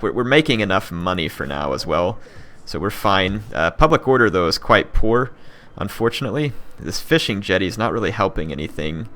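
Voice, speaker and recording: A man's voice: sits low, bright, forceful tone, slight background noise. A young man giving casual let's-play commentary on a strategy game, thinking aloud with many fillers and restarts. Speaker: gaming channel host.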